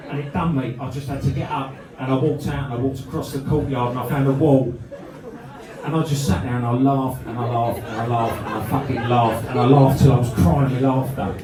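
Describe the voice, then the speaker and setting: A man tells a rambling, sweary story on stage and laughs his way through it. He sounds a little far from the mic, in a roomy club. A noisy crowd and music sit behind him. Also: mid-range voice. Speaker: comedy band frontman. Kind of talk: live stand-up storytelling.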